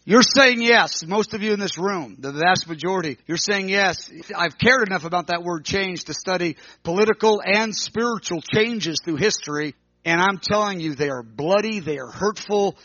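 A man preaching a sermon to a gathered room, fervent, swinging from hushed tones to crying out. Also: sits high, moderate pace, dry recording, highs cut off.

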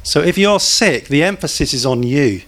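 A man's voice: on the high side, lively intonation, normal speed, a bit bright. A man preaching a sermon in a church, talking conversationally, putting questions to the congregation and cracking small jokes.

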